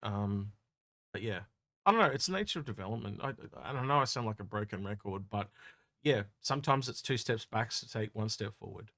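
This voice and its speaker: A low-voiced man co-hosting a casual gaming Q&A, talking in a loose, rambling way that turns animated when an idea grabs him. His voice sounds close and dry, with almost no room around it. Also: a little fast, no echo. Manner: rambling, animated, laughs easily. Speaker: co-host of a game Q&A show. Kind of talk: casual podcast chat.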